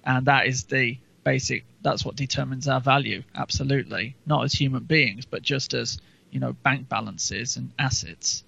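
Gravelly man chatting on a podcast. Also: mid-range voice, moderate pace, bright, forceful tone. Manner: rambling, with frequent ums and restarts. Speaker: podcast co-host. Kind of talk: casual political chat. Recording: dull lo-fi recording.

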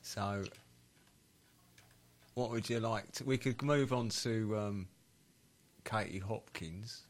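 A man's voice: on the low side, slow pace. A man hosting a casual talk show, giving brief, hesitant replies. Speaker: podcast host. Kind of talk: casual chat.

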